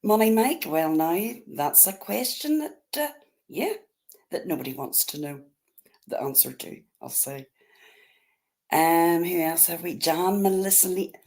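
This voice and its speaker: A woman's voice: fairly low pitch, animated, unhurried, a little mellow. A woman with a Northern Irish accent hosting a casual livestream, chatting and greeting her viewers one by one. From Northern Ireland. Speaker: livestream host.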